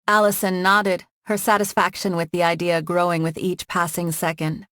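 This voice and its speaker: A woman narrating an urban fantasy audiobook in an even, clear storytelling manner. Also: lowish voice, normal speed, no echo. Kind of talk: scripted narration. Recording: dry studio sound.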